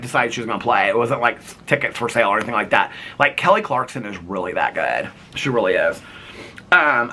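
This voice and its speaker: A man chatting casually in a vlog, animated and playful, laughing often, recorded outdoors in the cold. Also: mid-range voice. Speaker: vlogger.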